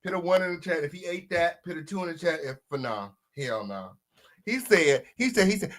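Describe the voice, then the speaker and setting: A man hosting a reaction commentary, sassy and animated, loud one moment and muttering the next, asking viewers to vote in the chat. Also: moderate pace. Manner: animated, sassy, swings between loud outbursts and low mutters. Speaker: commentary host. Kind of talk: reaction commentary on a diss track.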